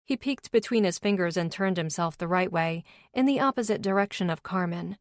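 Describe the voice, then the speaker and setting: Woman narrating audiobook, steady low voice, dry close mic. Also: moderate pace, no echo. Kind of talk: first-person audiobook narration.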